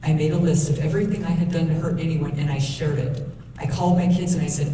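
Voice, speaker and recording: A woman's voice: sits low, fairly even intonation, quick pace. A middle-aged woman giving an earnest, emotional talk about her life to young people at a school. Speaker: guest speaker. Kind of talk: motivational talk to youth. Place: school hall. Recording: echoey hall from far off, noisy.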